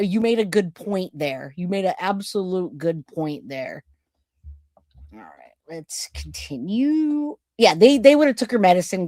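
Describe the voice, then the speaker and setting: A woman's voice: fairly low pitch, a little mellow, no room sound, studio quality. A woman hosting a true crime livestream, talking casually and directly to her chat viewers.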